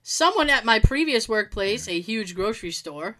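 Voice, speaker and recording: Woman storyteller, high and bright, casual reader who laughs and quips. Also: animated, moderate pace. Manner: laughs often, quips between stories. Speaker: storyteller reading listener stories. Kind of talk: casual story reading with asides.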